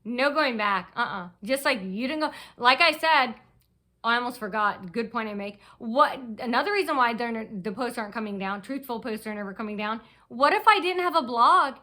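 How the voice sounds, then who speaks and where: A woman talking straight to her viewers in a rambling, aggrieved monologue. Her voice is bright and sharp, set a little high, and she keeps circling back and restarting her sentences. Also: animated, normal speed. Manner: agitated, aggrieved, restless storytelling with many restarts. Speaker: vlogger.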